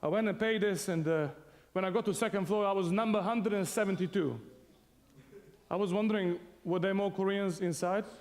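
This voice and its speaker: High-voiced man telling a story. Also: a little fast, long reverb tail, a little hiss or hum. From Serbia. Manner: animated storytelling, laughing often. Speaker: speaker telling his story to an audience. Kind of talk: humorous personal testimony.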